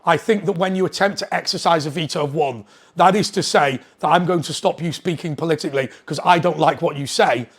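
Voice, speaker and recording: A man with a notably high-pitched voice delivers a political commentary straight to camera. He is indignant and keeps hammering his points with pointed rhetorical questions. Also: a little fast, breathy edge. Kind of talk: opinionated monologue to camera.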